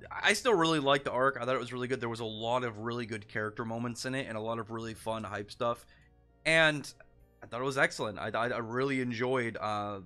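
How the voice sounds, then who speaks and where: A man's voice: mid-range voice, bright, forceful tone, smooth. A young man reviewing a manga chapter in casual solo commentary, rambling with frequent restarts and lots of filler words.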